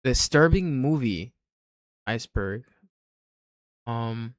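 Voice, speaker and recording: A man's voice: medium pitch, animated, slow pace, no echo, studio quality. A man streaming casually, ranking images with blunt, offhand remarks and frequent swearing. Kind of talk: casual livestream commentary.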